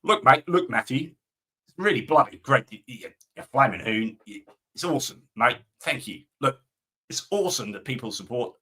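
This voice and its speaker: A man's voice: mid-range voice, animated, normal speed, pushed and bright, slightly rough. A British man hamming up an Australian accent as a cheerful matey bloke, exaggerated on purpose. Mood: hammy.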